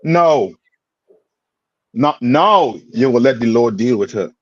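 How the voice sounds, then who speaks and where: A man's voice: medium pitch, lively intonation, slow pace, no echo. A man teaching a scripture class in plain street talk, quizzing his student with repeated "you understand?" checks. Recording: dull lo-fi sound.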